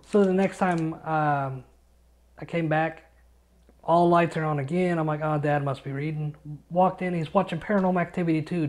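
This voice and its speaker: A man co-hosting a podcast from his home studio, telling stories in a casual, excitable way and swearing often. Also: on the high side. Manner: excitable storyteller, swears a lot. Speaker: podcast co-host.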